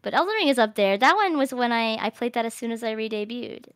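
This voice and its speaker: A young woman streamer chatting casually in a rambling, animated way, laughing often. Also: on the high side, fast talker, clean tone, no echo, studio quality. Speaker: streamer host. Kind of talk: casual chat.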